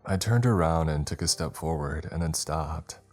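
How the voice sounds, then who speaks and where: A man with an extremely deep voice reads a creepy story aloud. His delivery is steady and measured, building a tense mood. Soft background music plays faintly. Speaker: horror story narrator. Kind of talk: scripted horror narration.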